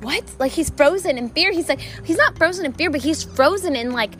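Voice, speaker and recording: High-pitched woman, casual faith podcast host, chatty with fillers, faint music underneath. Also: lively intonation, a little fast. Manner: chatty, filler-heavy, enthusiastic. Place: outdoors.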